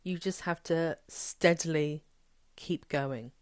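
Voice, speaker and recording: A woman with a low-pitched voice talks as a spiritual coach, blunt, emphatic and unafraid to swear. She acts out quoted thoughts with animation. The sound is dry and close, with no room around her. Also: slow pace, dry recording. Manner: frank and emphatic, swears freely, animated quoting. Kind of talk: candid motivational talk.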